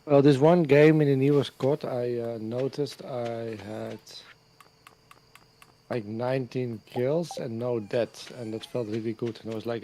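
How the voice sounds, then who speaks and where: A man's voice: mid-range voice, steady tone, a little slow, mellow, slight background noise. A man chatting casually over voice chat, talkative and repeating his words. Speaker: guest chatting on a stream.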